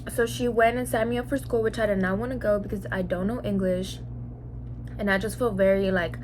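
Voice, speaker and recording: A woman's voice: medium pitch, fairly even intonation, brisk, noisy background. A young woman from Mexico telling a personal story in a casual vlog monologue, full of "like"s and acting out what people said. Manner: chatty, many "like"s, acts out quoted lines. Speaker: mukbang vlogger.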